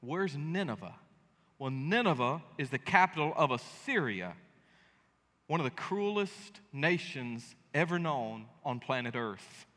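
Middle-aged male pastor preaching in a big church hall, with a long reverb trailing his words. His voice sits a bit high and bright. He talks in an emphatic, folksy way and jokes with the room. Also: lively intonation, unhurried. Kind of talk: sermon. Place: church sanctuary.

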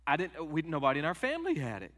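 A middle-aged man preaching a sermon, moving from quiet personal stories to loud, emphatic peaks. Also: fairly high pitch, wildly swooping pitch, rapid-fire. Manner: emotional storytelling, rising to loud emphatic peaks. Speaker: pastor. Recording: long hall reverb.

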